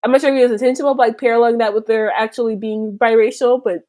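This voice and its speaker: A woman guesting on a podcast in casual book-club chat, lively and quick to laugh. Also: a little high.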